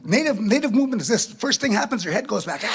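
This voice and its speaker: Male stand-up, raised husky voice, very animated, storytelling with lots of "eh?" tags. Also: high voice, racing. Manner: animated, tag questions with "eh", acts out laughs. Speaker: comedian. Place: live performance venue.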